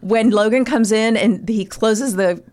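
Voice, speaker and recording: A woman's voice: fairly high pitch, unhurried, darkish tone. A woman co-hosting a podcast, chatting playfully and explaining her points. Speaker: podcast co-host. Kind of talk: casual chat.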